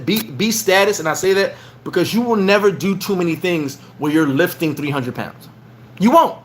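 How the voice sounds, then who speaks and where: A man's voice: sits high, lively intonation, brisk. A middle-aged man from the United States telling a long gym story in a loose, profane, rambling way, vlogging from his sports bar. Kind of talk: casual storytelling to camera.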